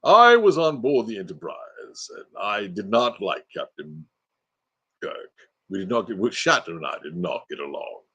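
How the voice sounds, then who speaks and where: A man putting on a slow, deep, measured voice for an aging officer. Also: very animated, sharp tone, husky, exaggerated voice. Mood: grave.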